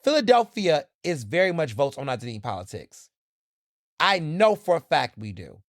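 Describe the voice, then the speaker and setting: A male podcast host, speaking in a sassy, animated, conversational manner. His voice sits fairly high for a man, and the recording is close and very dry. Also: normal speed, no room sound. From Texas. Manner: animated, sassy, conversational, addresses listeners as y'all and baby. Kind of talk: solo podcast commentary.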